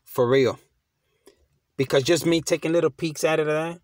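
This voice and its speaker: A man's voice: a little high, steady tone, normal speed, gravelly, a little mellow, dry recording, clean studio sound. A middle-aged man giving casual, slangy motivational talk, emphatic and repeating himself as he restarts his phrases. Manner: slangy, conversational. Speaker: motivational vlogger.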